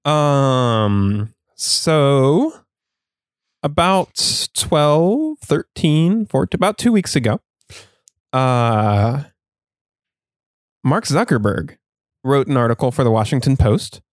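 A man's voice: medium pitch, animated, slow pace, long pauses. A male podcast co-host talking casually and laughing easily, his words broken by fillers. His voice sits in an ordinary middle register. The sound is very dry, with no room echo. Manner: chatty, laughs often, many fillers. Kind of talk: casual chat with ad read.

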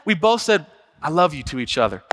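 A male pastor preaching from the pulpit, his voice high and bright. He talks to the congregation like friends, breaking into loud acted-out quotes and jokes before settling back into earnest teaching. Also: fairly quick. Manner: animated, acts out quotes with big jumps in pitch and volume; conversational, jokes and asides to the congregation. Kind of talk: sermon. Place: church sanctuary.

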